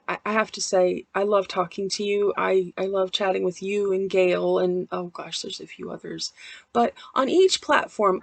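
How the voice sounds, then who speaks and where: A woman's voice: medium pitch, vocal fry, no echo. A woman in her forties vlogging from home into a laptop mic, chatting in a meandering, candid, self-deprecating way. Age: 40s. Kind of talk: casual vlog chat.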